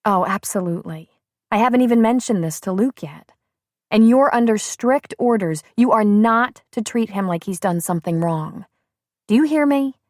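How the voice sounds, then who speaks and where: A woman's voice: medium pitch, expressive, moderate pace, darkish tone, dry recording, studio quality, voice pushed up, lightly acted. A woman voicing a determined, spirited young niece who speaks firmly and emphatically. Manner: firm, upbeat and emphatic.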